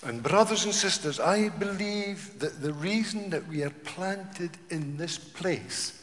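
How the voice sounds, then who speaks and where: A man preaching a sermon in a church, asking rhetorical questions and swinging from hushed tones to loud declarations. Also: high-pitched, takes it slowly, slight background noise. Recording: reverberant church hall.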